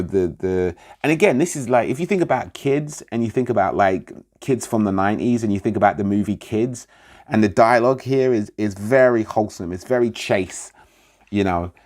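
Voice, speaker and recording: A middle-aged man works through a comic review in a relaxed, rambling way. His voice sits somewhat low, and he trails off, restarts and fills gaps with "um" as he goes. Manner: rambling, many fillers and restarts.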